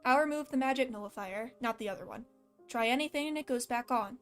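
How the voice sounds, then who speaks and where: Woman reading stern skeleton captor, curt and cold, slight lisp, fairly high voice, faint music behind. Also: quick pace, a bit bright, natural voice.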